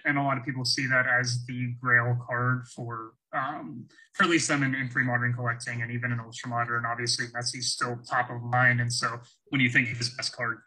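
A man's voice: mid-range voice, sharp tone, husky, low-quality recording. A man speaking as a guest in a casual podcast interview, explaining his views fluently. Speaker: guest collector.

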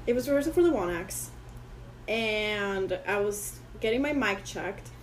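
A woman's voice: mid-range voice, expressive, a little slow, slight background noise, low-quality recording. A woman whose first language is Spanish, a guest in a casual interview, telling rambling stories and acting out what other people said. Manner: rambling storyteller who acts out quoted people.

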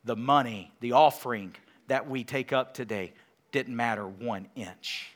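A man preaching a sermon as pastor, moving between quiet, conversational teaching and loud, emphatic declarations. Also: medium pitch, a little slow.

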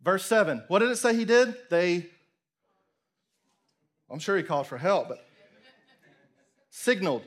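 A man preaching a sermon, telling the story with animated acted-out voices and sudden drops to a near whisper. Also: high-pitched, a little slow, pauses often. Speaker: pastor.

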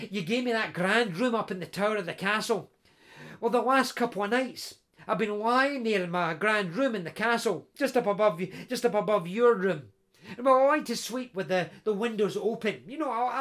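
A man's voice: high-pitched, fairly bright tone. A man voicing a boisterous young best friend, jovial and chatty, nudging his friend along.

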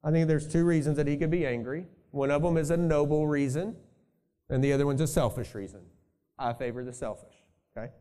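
A man's voice: a little high, steady tone, a little fast, mellow. A male pastor preaching a sermon in a conversational way, thinking aloud and adding asides to his congregation.

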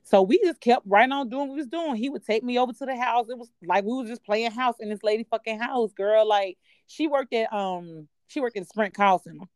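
A woman co-hosting a podcast, telling a personal story in a candid, profane and animated way. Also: on the high side, fairly quick, hardly any pauses, no echo, studio quality. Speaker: podcast co-host. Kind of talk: casual storytelling chat.

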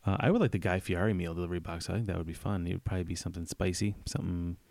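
Male podcast co-host, deep and gravelly, relaxed, rambling, joking delivery. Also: rapid-fire, dry recording. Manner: laid-back, rambling, joking. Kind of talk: casual chat.

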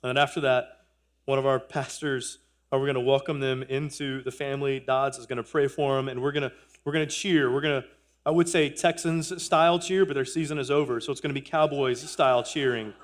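A man's voice: mid-range voice, steady tone, a little fast. Male pastor, thirties, earnest sermon, repeats phrases, jokes with the congregation. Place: church sanctuary.

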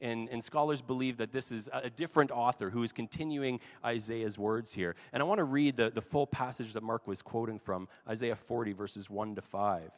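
Male pastor giving a relaxed, chatty sermon; average pitch, church hall echo. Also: a little fast, hardly any pauses. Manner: conversational, casual asides. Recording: long hall reverb.

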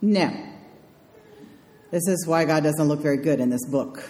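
A woman's voice: deep voice, unhurried, dark tone. A woman minister giving a conversational sermon with wry, dryly humorous asides, in a large sanctuary. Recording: echoey hall sound.

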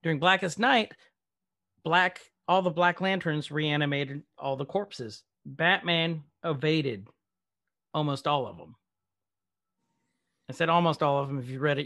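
A man with a slightly high voice co-hosts a casual podcast. He talks in an animated, playful way and laughs often as he argues his side. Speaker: podcast co-host. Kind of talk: casual chat.

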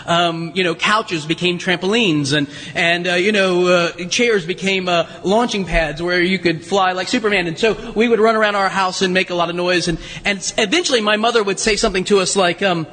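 A middle-aged male pastor gives a chatty, story-driven sermon with fillers and laughs. His voice sits high and bright with a slight husky edge. A long reverb trails behind him, as in a large hall. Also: brisk, few pauses.

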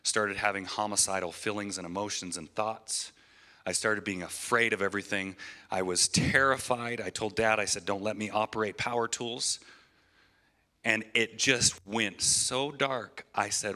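A man's voice: fairly low pitch, steady tone, unhurried, sharp tone. A man in his thirties giving an earnest, emotional testimony in a church sermon, often restarting his phrases. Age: 30s.

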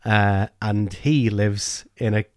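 A man's voice: lowish voice, fairly even intonation, takes it slowly, a little mellow, no echo, clean studio sound. A man co-hosting a casual book discussion, who talks with enthusiasm and often restarts his sentences. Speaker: podcast co-host.

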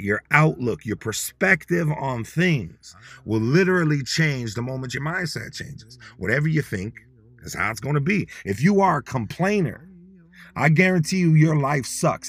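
A man's voice: medium pitch, a bit bright. A man giving a casual motivational talk, slangy and repetitive, coaching listeners to repeat words with him. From Dakota people. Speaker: motivational speaker teaching Dakota words.

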